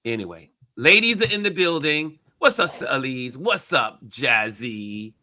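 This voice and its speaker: Male talk-show host; lively, bright, emphatic delivery. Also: medium pitch, a little slow, dry recording, clean studio sound. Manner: animated, emphatic, acts out quotes. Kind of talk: casual talk show discussion.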